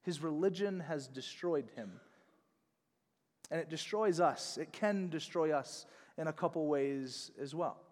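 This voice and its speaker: Pastor guy preaching, kinda high voice, goes quiet then loud, big echoey church hall. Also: unhurried. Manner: emphatic, swings between soft and loud. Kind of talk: sermon.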